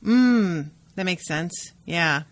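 A woman co-hosting a podcast in casual chat, animated and blunt, with quick asides. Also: fairly low pitch, no echo. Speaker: podcast co-host.

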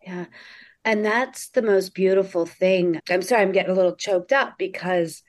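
A woman comedian on a video call, telling a personal story in an animated way and acting out the quotes. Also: medium pitch, moderate pace. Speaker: comedian guest.

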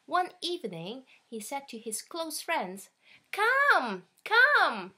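A woman with a high voice reads a children's picture book aloud at home. She goes slowly, sounding lively, animated and playful as she talks to a small child.

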